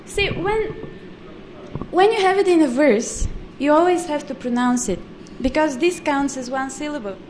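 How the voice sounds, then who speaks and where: A woman with a high, light voice leads a live class, patiently correcting students and drawing out each syllable with care. Steady noise hangs under her voice throughout the recording. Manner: patient, corrective, repeats words slowly and precisely. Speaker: Sanskrit pronunciation teacher.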